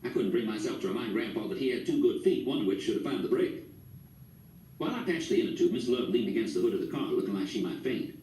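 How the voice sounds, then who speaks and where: A man's voice: fairly low pitch, expressive, fast, mellow, distant mic. A man narrating an audiobook in the first person with a folksy storytelling manner. The recording is roomy, with the mic set back.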